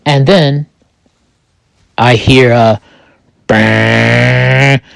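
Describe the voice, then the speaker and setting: A man tells a grim first-person tale slowly and haltingly, stopping often to restart his sentences. His voice sits in a middle register and sounds close and dry, with no room around it. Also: medium pitch, a little mellow, dry recording. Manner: halting, with many restarts and pauses. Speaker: storyteller. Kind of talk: first-person narration of a fictional story.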